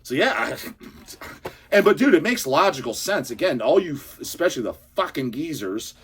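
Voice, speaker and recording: A man's voice: a little high, very animated, normal speed, a bit bright, husky. Profane, heated man ranting. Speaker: channel host. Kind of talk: ranting casual monologue. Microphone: handheld camera or phone.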